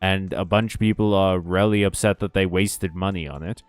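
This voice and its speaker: A man's voice: low voice, steady tone, normal speed, smooth, dry recording. Rambling man streaming a game. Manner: rambling, ranty, laughs often. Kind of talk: casual game stream chat.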